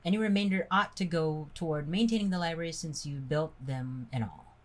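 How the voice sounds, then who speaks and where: A woman's voice: sits low, brisk. A woman reading a text game aloud with friends, breaking into laughter and stumbling over words. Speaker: game player.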